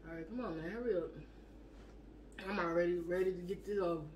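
A man's voice: high-pitched, fast, slight background noise. A young man with a Caribbean English accent, laid-back and mock-complaining in a casual couple vlog at home. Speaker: vlogger. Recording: roomy, mic at a distance.

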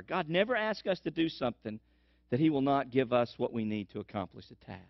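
A male pastor preaches in an animated storytelling way, repeating phrases for emphasis. The recording is dry and dull, with a lo-fi sound. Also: on the high side, fairly quick, dry recording. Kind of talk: sermon.

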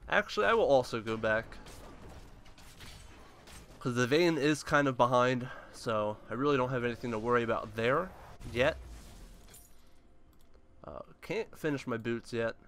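A young man at a middle pitch chatting through his own gameplay in an easygoing, conversational way. He narrates what he is doing, muses aloud, and bursts into sudden exclamations and laughs when the action heats up. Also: expressive, unhurried, long pauses, a bit bright, slight background noise. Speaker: gameplay commentator. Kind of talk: casual live gameplay commentary.

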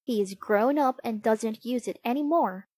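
A woman voicing a cheerful, helpful young girl, speaking slowly in a bright, eager way. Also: a little high, no echo.

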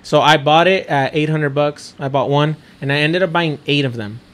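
A young man chatting casually as a podcast guest, an excitable storyteller who swears freely. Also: on the high side, moderate pace. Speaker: podcast guest, NFT creator. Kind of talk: casual chat.

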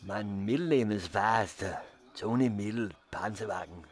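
A man's voice: fairly low pitch, measured pace. A man doing a blustering mock-German cyclist. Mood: boastful. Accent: put-on German. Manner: loud, grumbling, swears in German and French. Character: blustering mock-German male pro cyclist, obsessed with time trials. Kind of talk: gaming stream role-play.

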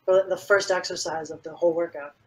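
A man's voice: on the high side, fast, poor audio. A man being interviewed as a fitness coach, speaking casually and with energy, and filling his talk with "like". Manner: energetic, animated storytelling with many "like"s.

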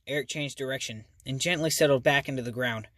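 A man's voice: mid-range voice, fast, a bit bright, dry recording, clean studio sound. A man reading a children's novel aloud as a hobby reader, earnest and casual. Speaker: audiobook reader. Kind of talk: amateur audiobook reading.

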